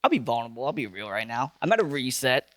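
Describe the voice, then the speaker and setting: A man's voice: medium pitch, big pitch swings, fast talker, fairly bright tone, no echo. A man speaking as a podcast guest, hesitant and confessional, with many ums, in a clip played back. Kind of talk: casual chat.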